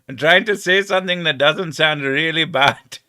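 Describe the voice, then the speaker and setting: A man's voice: fairly high pitch, a little slow, sharp tone. A British man hosting a live stream, chatting casually with lots of swearing and self-mocking jokes. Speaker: streamer host.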